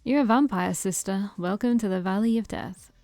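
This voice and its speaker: A woman's voice: mid-range voice, a little mellow, no echo, soft background music, natural voice. A woman reading as a smug vampire man. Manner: slow, emphatic, teasing. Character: smug theatrical male vampire, preacher-like.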